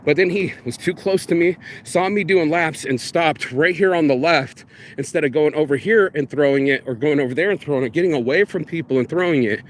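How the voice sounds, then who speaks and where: A man's voice: on the high side, a little fast, slight background noise. A man vlogging outdoors in a park, ranting bluntly and profanely in a casual monologue.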